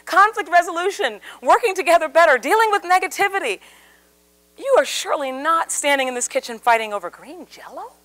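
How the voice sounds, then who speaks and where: A woman's voice: very high voice, fairly quick. A woman giving a live seminar talk to an audience, telling a story and acting out the voices in it. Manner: animated storyteller, acts out quoted voices. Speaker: communication speaker.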